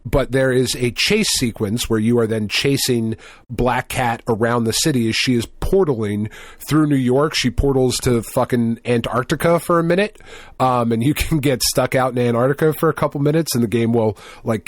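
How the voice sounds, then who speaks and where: A man co-hosts a podcast in casual conversation, swearing freely and laughing a lot. His voice is mid-range, and the recording is dry and studio quality.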